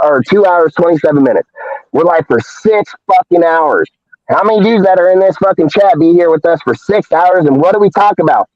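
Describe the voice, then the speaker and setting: A man's voice: sits high, darkish tone, dry recording. Fired-up, profane man ranting live. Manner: profane, heated and confrontational. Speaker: live show host. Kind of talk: live-stream rant. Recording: dull lo-fi dry stream audio.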